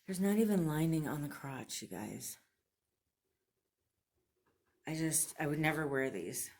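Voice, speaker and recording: Woman w a low voice ranting on her vlog, blunt and fed up, keeps laughing it off. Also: lively intonation, unhurried, darkish tone, breathy edge. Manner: blunt and frustrated, laughing between complaints. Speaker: fashion subscription box vlogger. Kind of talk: casual venting to camera.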